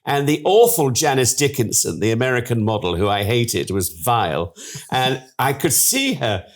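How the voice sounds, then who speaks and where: Here an older male interview guest tells stories with gushing theatricality, breaking into frequent laughter. His mid-range voice has a sing-song lilt and keeps a normal speed.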